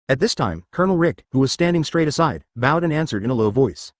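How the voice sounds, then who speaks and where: A computer-generated male voice narrating an audio story, quick and lively in pitch. The reading is even and mechanical, with occasional odd misreadings, and the sound is dry and close. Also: dry recording.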